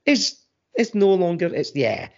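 A middle-aged man in a casual discussion, talking in an animated, digressive way with frequent restarts, on muffled lo-fi audio. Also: high-pitched, unhurried, gravelly.

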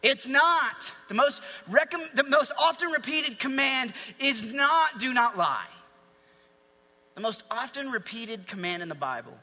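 A man preaching a sermon in an animated way, acting out voices with sudden shouts. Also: very high voice, big-room sound.

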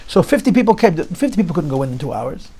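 A man telling a Chassidic story to an audience in an animated, repetitive storytelling manner. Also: a little high, fast, slightly rough. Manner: animated storyteller, repeats phrases, drops into Yiddish.

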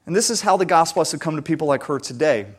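An earnest male pastor preaching with a slightly higher voice. He talks conversationally with fillers and restarts, then presses toward emphatic, louder stretches. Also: lively intonation, very fast. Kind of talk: sermon.

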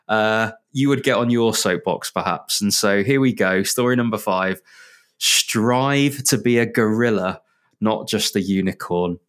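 A man hosting a podcast and introducing each story in an easygoing manner. His voice is mid-pitched, and he often hesitates and starts his sentences over. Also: fairly bright tone. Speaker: podcast host. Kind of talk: casual chat.

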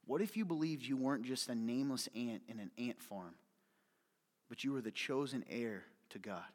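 A man preaching a sermon as pastor, passionate, dropping to hushed near-whispers and then rising to loud, urgent appeals. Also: mid-range voice, expressive, normal speed. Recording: reverberant hall.

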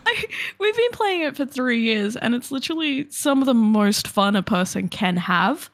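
A woman's voice: on the high side, lively intonation, normal speed. A woman co-hosting a podcast in casual chat, joking crudely and laughing often. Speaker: podcast co-host.

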